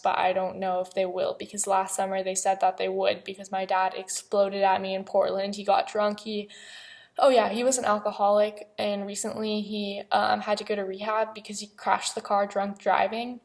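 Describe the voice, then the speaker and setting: A young woman telling a personal story to her vlog in a halting, hesitant way, with many pauses. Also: mid-range voice. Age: young adult. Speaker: vlogger.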